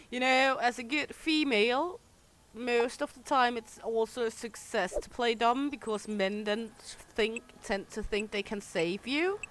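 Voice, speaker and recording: A young adult woman who speaks Danish natively streams a game and chats casually with viewers, slowly and in a slightly high voice. She is playful and bawdy, laughing often and swearing freely.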